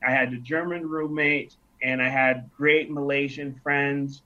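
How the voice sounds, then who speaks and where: Unhurried and fairly even in intonation, this medium-pitched voice sounds pushed and bright. It belongs to a thirtysomething Nigerian interview guest who reflects on stories and performs the dialogue within them, captured in dull lo-fi audio.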